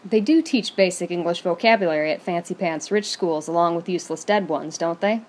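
Feisty sharp-tongued young woman, voiced by a woman reader, pointed, mocking, audiobook fan fiction, lowish voice. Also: a little fast, close to an everyday voice.

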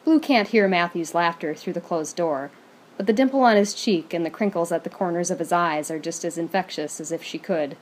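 A woman reading fan fiction aloud in a steady, even storytelling manner. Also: lowish voice, a little fast, a little hiss or hum.

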